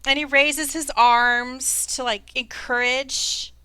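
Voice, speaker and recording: A woman's voice: high-pitched, fairly even intonation, takes it slowly, bright, forceful tone, clean tone, no echo. A woman narrating a tabletop game as game master, rambling with fillers.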